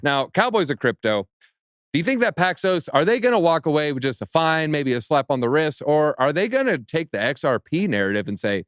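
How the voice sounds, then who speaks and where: A man hosting a casual panel chat, brisk and joking as he reads news aloud. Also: on the high side, sing-song, smooth, dry recording, clean studio sound. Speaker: show host.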